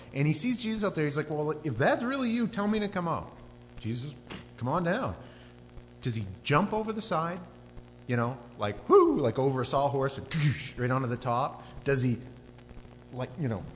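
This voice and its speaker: Animated preacher in an echoing hall. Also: male voice, medium pitch. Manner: animated storytelling, acts out screams and voices. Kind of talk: sermon. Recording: dull lo-fi sound with long hall reverb and faint hum.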